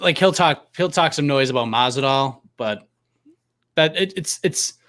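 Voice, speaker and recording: A man's voice: medium pitch, animated, moderate pace, fairly bright tone. A man talking as a guest journalist in a casual sports chat, musing and rambling with lots of "like". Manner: rambling, speculative, heavy on "like".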